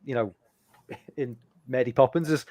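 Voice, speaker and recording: A man's voice: mid-range voice, measured pace, darkish tone, dry recording. A man with an English accent chatting casually on a video call, rambling with many fillers and restarts. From United Kingdom. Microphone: computer mic on a video call.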